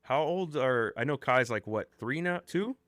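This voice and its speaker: A man's voice: medium pitch, normal speed, no room sound, clean studio sound. A man hosting a casual podcast chat, talking freely and laughing often. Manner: laughs often, chatty and animated. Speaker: podcast host.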